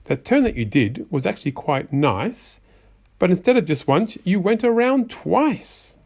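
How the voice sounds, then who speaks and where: Fussy scolding storybook rabbit as a man puts it on, sing-song rhyming scolding, high-ish voice, swooping lively pitch. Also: a little slow, vocal fry, heavily acted. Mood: exasperated.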